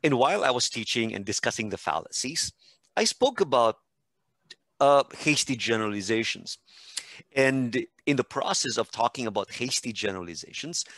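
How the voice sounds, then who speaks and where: A man's voice: medium pitch, no room sound. A man, a teacher and expert on a podcast, telling stories in casual conversation and acting out what people said. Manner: animated storytelling with acted-out quotes.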